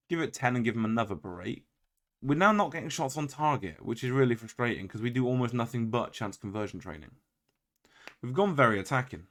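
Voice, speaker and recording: A man's voice: mid-range voice, fairly bright tone. Man, mid-range voice, casual game commentary, wry, exasperated, self-mocking. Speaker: video game player and commentator.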